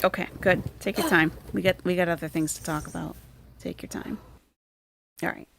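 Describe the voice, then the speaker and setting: A woman's voice: on the low side, fairly even intonation, quick pace, gravelly, a bit bright, slight background noise. A woman hosting a commentary stream, making dry, mocking asides. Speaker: commentary host. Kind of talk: sarcastic commentary.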